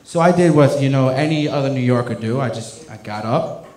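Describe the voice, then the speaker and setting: Speaking fairly quickly in a slightly mellow mid-range voice, a young comedian works through a stand-up set of rambling stories loaded with fillers. It's recorded in an echoey club room full of people, with audience laughter behind him.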